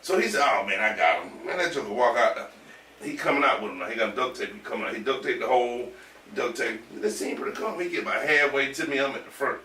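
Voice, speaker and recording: A man telling a rowdy story in casual chat, animated, laughing and swearing as he goes. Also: mid-range voice, quick pace, a little hiss or hum. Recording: roomy echo from far off with faint ambience.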